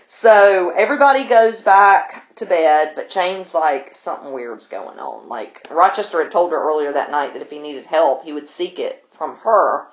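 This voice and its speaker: A woman's voice: lowish voice, animated, moderate pace, few pauses. Chatty woman teacher, roomy sound. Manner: chatty, loose, with frequent "um" and "like". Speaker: literature teacher. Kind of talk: casual retelling of a novel for a class.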